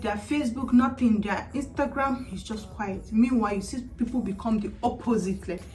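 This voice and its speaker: A woman's voice: a little high, moderate pace, darkish tone, distant mic, poor audio. A woman from Nigeria with a Nigerian English accent, speaking as a vlogger in a candid, chatty, matter-of-fact advice monologue. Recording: voice a bit off-mic, faint music. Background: faint background music.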